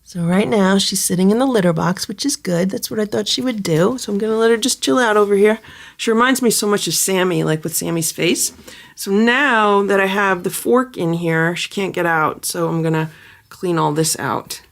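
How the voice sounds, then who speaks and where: A woman narrating a casual vlog while caring for a rescued kitten indoors. Her voice has a gravelly, creaky edge at an average pitch. She speaks softly and soothingly. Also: moderate pace. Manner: soothing, coaxing, switches to high sing-song baby talk for the kitten. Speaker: cat rescuer vlogger.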